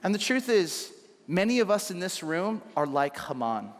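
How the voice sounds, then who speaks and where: A man in his thirties preaching a sermon, acting out his own story with lively shouts and hushed asides. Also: sits high, normal speed. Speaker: pastor. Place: large church hall. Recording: long church hall reverb.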